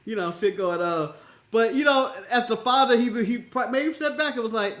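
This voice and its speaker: An American man co-hosting a casual wrestling chat show, animated and laughing often, swearing and acting out other people's lines. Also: extremely high pitch, normal speed. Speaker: podcast co-host.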